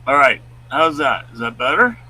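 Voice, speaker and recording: A man co-hosting a live stream, chatting casually and reading out news stories in a loud, booming voice. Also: sing-song, moderate pace, husky, rough recording. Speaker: co-host.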